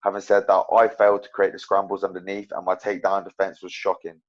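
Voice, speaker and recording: Low-voiced man, rambling on a muffled line. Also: fast talker. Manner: rambling, full of fillers and restarts, animated storytelling. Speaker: professional MMA fighter, guest. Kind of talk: casual interview chat. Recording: dull lo-fi podcast audio.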